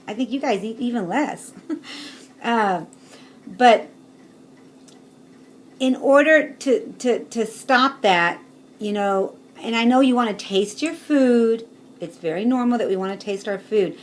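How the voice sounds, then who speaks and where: A woman's voice: mid-range voice, a little slow, pauses often, slight background noise. A woman chatting casually to her camera as a vlogger, showing things with bowls and laughing often.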